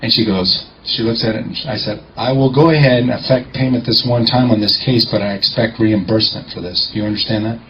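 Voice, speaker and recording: A man telling a lively courtroom-clerk story in a confident storytelling talk, acting out the dialogue. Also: fairly low pitch, fairly quick, few pauses, background noise. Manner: animated, acts out dialogue, confident. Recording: muffled lo-fi recording.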